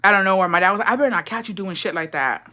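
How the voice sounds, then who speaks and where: A woman's voice: mid-range voice, rapid-fire, bright, forceful tone. A young woman hosting a livestream, telling a profane, gossipy family story with laughs and Spanish phrases mixed into her English. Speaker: livestream host. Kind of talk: casual storytime chat.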